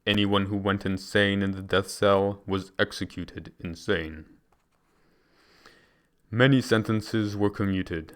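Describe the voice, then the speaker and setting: A man reading a book aloud in a measured, deliberate way, now and then restarting a phrase. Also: on the low side, fairly even intonation, clear, resonant tone. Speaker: reader.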